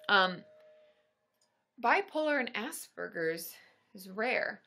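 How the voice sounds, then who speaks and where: A young woman, a therapist hosting a casual livestream, chatting brightly and answering viewer questions. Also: mid-range voice, lively intonation, a little fast.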